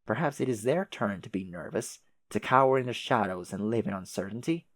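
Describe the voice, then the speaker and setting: A man's voice: fairly low pitch, animated, a little fast, no echo, natural voice. A man voicing a fussy, long-winded advisor who speaks in a put-on British manner, formal and wordy. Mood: rousing. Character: prim, verbose troll advisor putting on a British manner.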